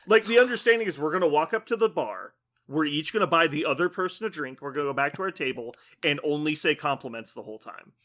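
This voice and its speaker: A man's voice: on the high side, animated, fast, sharp tone. A man co-hosting a podcast, ranting casually with lots of swearing and acted-out quotes. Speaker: podcast co-host.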